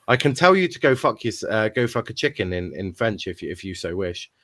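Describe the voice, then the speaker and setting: Male podcast host, low voice, dry close sound, joking and rambling. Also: sing-song, normal speed, fairly bright tone, no room sound. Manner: rambling, jokey, swears freely. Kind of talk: casual panel chat.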